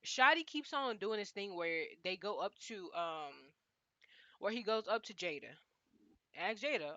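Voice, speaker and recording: A young woman recaps a reality show in an easy, slangy, animated way, often talking straight to the people she is discussing. Her voice is bright and forward. The recording is dry and close, with a slightly dull, lo-fi sound. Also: fairly low pitch, normal speed, no room sound. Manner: animated, chatty, slangy, frequently addresses cast members directly. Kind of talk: casual recap chat.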